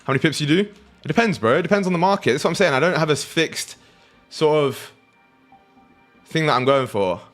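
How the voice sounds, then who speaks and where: A man's voice: on the high side, animated, a little fast, a bit bright, soft background music. Casual British man streaming trades. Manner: banters with chat, swears freely, laughs often. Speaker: livestream trading host. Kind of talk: casual livestream chat with viewers.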